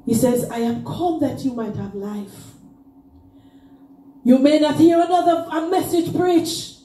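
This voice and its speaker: In a church, a woman pastor preaches a fervent Pentecostal sermon, chanting and crying out in rising sung phrases. Her voice is high, warm, and a little slow, captured from far off with a roomy church sound.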